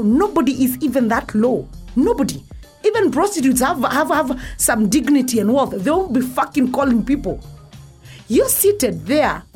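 A woman with a Kenyan accent telling a story in a brash, profane, casual rant, switching between languages. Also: high voice.

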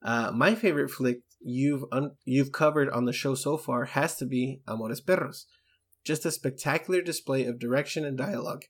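A man's voice: mid-range voice, normal speed, husky. An English man co-hosting a podcast, chatting enthusiastically and reading out listener emails. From England. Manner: enthusiastic, chatty, with many fillers. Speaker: podcast co-host.

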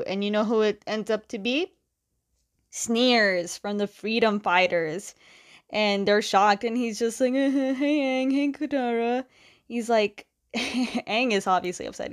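A young woman casually retelling a comic book's story page by page, chatty and often laughing as she quotes the characters in passing. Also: mid-range voice. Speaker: comic book recapper.

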